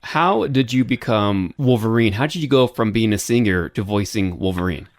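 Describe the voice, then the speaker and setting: A man's voice: lowish voice, expressive, moderate pace, no echo, studio quality. A man hosting a casual interview, asking questions and chiming in with brief, encouraging remarks. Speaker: podcast host.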